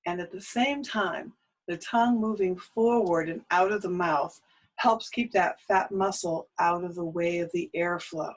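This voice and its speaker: A woman teaching a singing lesson, guiding vocal warm-ups with short prompts and often running out of breath. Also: fairly low pitch, low-quality recording. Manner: encouraging, cueing exercises with short prompts. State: out of breath between exercises.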